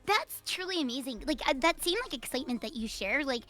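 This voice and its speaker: A woman's voice: high-pitched, lively intonation, fairly quick, fairly bright tone, soft background music. A woman guest on a stream, chatting casually and supportively while telling stories. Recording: noticeable background noise.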